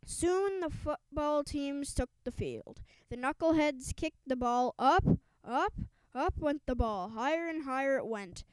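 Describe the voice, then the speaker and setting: A woman's voice: sits high, expressive, unhurried, darkish tone, no echo, rough recording. A woman reading a children's book aloud in an emphatic storytelling lilt, now and then stumbling and restarting words. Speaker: audiobook reader.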